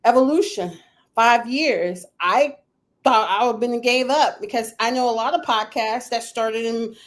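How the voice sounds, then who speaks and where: A woman's voice: on the high side, unhurried. A middle-aged woman hosting a podcast, giving casual motivational talk with emphatic repeated phrases and frequent laughter. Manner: animated, laughs often, acts out quoted voices. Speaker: podcast host.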